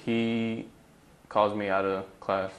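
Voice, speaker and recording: A young man with a very deep voice answers questions in short, guarded replies. He speaks in a flat, even tone. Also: takes it slowly, slight background noise. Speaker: interviewee being questioned.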